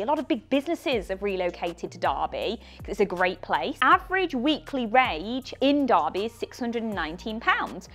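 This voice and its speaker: A woman's voice: a little high, a bit bright. A middle-aged woman presenting property investment tips to camera in a punchy, enthusiastic, persuasive way. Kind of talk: scripted-feeling direct-to-camera explainer.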